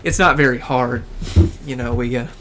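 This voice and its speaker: A man's voice: mid-range voice, bright, forceful tone, a little hiss or hum. A man with a Southern US accent from Tennessee, hosting a casual live gameplay stream, rambling and joking with his co-players. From Tennessee, USA. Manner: rambling, chatty, quick to joke with co-players. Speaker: game streamer host.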